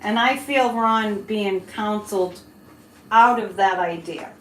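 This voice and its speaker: A woman's voice: mid-range voice, slow pace. Chatty woman reading tarot live. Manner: chatty, laughing, rambling asides to chat. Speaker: psychic reader hosting a live stream. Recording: echoey room, faint background hiss.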